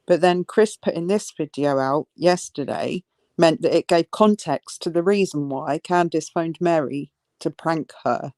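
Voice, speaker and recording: A woman co-hosting a casual podcast discussion, sarcastic and quick to agree. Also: sits low, a little mellow, no room sound. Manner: sarcastic, frequent agreeing fillers. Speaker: co-host.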